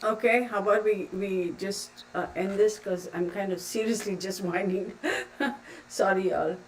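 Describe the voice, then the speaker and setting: A woman's voice: medium pitch, steady tone, a little slow. A woman hosting a livestream and answering viewer comments, calling people sweetheart and getting emotional. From Texas. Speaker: livestream host. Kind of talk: casual livestream chat, reading viewer comments. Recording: distant mic with faint background noise.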